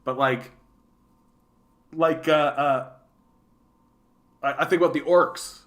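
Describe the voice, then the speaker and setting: A man's voice: fairly high pitch, steady tone, takes it slowly, fairly bright tone. A man with a Canadian accent hosting a casual livestream, rambling and swearing, and often tagging his sentences with "right?". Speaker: livestream host.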